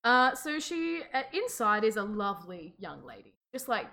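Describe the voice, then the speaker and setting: A woman's voice: a little high, sing-song, moderate pace, sharp tone. A woman co-hosting a podcast, retelling a folk tale in casual chat with playful, sarcastic asides. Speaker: podcast co-host.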